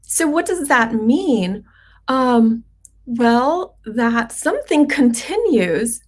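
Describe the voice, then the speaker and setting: A middle-aged woman physician hosting a livestream, talking in a gentle, unhurried and reflective way with many pauses. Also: on the high side, sing-song.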